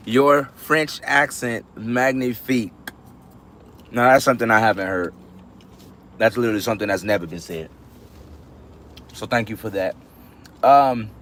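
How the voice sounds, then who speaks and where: This man's fairly low, somewhat bright voice comes through with a bit of background noise. He's a livestream host sitting in his parked car at a store pickup, laughing a lot and responding to live comments in a relaxed chat.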